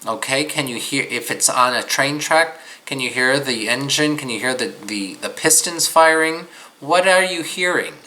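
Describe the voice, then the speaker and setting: A man's voice: medium pitch, normal speed, sharp tone, low-quality recording. A man teaching an instructional course, patiently guiding listeners through listening exercises. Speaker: psychic medium teaching a course.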